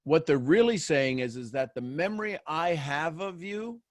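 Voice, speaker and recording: Male motivational host with a slightly high voice and dry sound. Talks straight to listeners, asks them questions and repeats phrases to drive points home. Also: lively intonation, normal speed, no room sound. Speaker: host of a daily motivational show. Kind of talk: live motivational talk to listeners.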